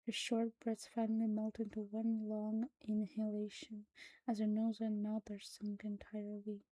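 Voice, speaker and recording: Woman, horror story narrator, hushed and soft, flat monotone delivery, dark mellow tone. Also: medium pitch, normal speed, no echo, low-quality recording. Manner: hushed, soft-spoken, drops to whispers. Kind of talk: scripted horror story reading.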